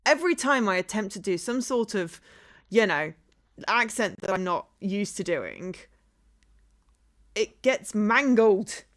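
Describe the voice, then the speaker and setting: A woman co-streaming a game in casual chat, animated and self-mocking, often laughing at herself. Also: mid-range voice, measured pace.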